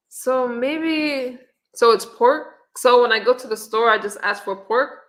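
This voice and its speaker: A middle-aged woman hosts a relaxed livestream, chatting to viewers straight into her camera. Her voice is bright, and her easygoing manner holds as she reads comments and recipes aloud. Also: a little high, measured pace. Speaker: livestream host. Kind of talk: casual live-stream chat. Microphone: webcam or phone on camera.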